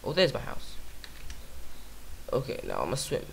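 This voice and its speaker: A man's voice: mid-range voice, huge pitch swings, normal speed, creaky, fairly bright tone, slight background noise. A man giving casual let's-play commentary on his own game, rambling and silly, talking to himself and singing nonsense syllables. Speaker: gaming YouTuber.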